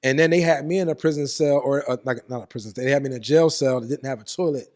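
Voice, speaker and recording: A man being interviewed, telling a story with animated profanity and acting out what people said. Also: mid-range voice, fast talker. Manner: animated, profane, acts out quotes. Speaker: guest.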